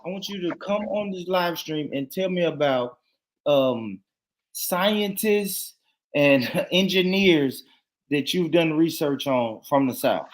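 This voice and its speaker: A man hosting a casual live stream, laid-back and laughing, rattling off shout-outs to viewers. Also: a little high, expressive, slow.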